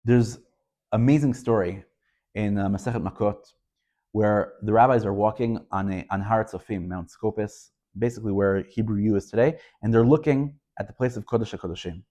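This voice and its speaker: Emphatic rabbi giving a Torah lesson. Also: male voice, lowish voice, brisk, warm tone. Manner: emphatic, asks rhetorical questions; storytelling delivery. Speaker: rabbi teaching.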